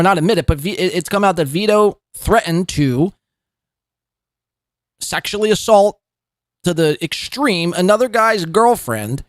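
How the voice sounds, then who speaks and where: A man's voice: high-pitched, dry recording. A man hosting a podcast, giving sarcastic, mocking commentary on clips and swearing freely. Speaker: podcast host.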